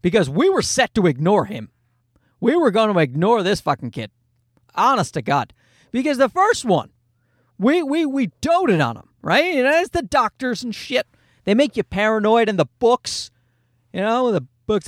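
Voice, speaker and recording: A middle-aged man doing a stand-up comedy routine, telling an exasperated story about his kids with loud acted-out asides. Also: sits high, very animated, moderate pace, dry recording, studio quality.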